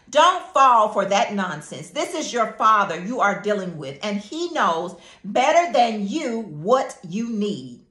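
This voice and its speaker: A woman's voice: mid-range voice, very animated, measured pace, hardly any pauses, sharp tone. A woman preaching a devotional sermon and prayer, emphatic, repeating phrases and calling on listeners to say words back. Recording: echoey room with faint music.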